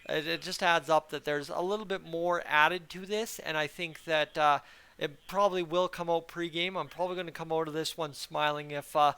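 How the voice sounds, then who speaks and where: A man's voice: a little high, fairly even intonation, normal speed, sharp tone, clear, resonant tone. A young man hosting a casual fan commentary channel, rambling and chatty with a frustrated edge. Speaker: hockey fan channel host.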